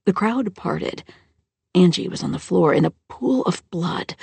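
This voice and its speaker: A woman narrating a first-person mystery audiobook in a steady storytelling voice on a close microphone. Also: on the low side, unhurried, vocal fry, husky, no room sound.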